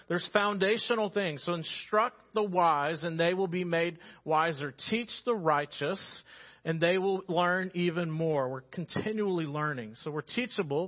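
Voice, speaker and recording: A man preaches in a church, telling stories in a loose, conversational way and dropping his voice for the serious points. His voice sits a little high. The recording is dull and lo-fi. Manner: storytelling, conversational with sudden quiet drops. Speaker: pastor. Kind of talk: sermon. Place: church sanctuary.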